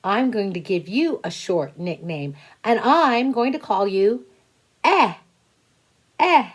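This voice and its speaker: Lady doing a kindly storybook mom, patient and amused, slow and stretchy with lots of ups and downs. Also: medium pitch, sing-song. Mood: fond, amused. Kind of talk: children's storybook voice.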